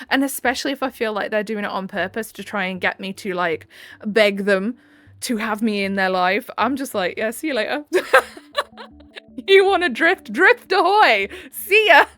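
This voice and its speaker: A woman's voice: a little high, no room sound. Sarcastic woman reading posts aloud. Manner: sarcastic, frank, quick to laugh. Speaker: channel host reading online posts. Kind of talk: reading posts with chatty commentary.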